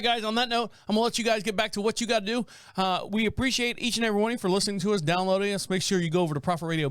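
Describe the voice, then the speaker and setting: Chatty guy hosting a podcast, kinda high, smooth clean voice. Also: dry recording, clean studio sound. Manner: rambling, chuckling, loose storytelling. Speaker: podcast host. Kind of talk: casual podcast chat.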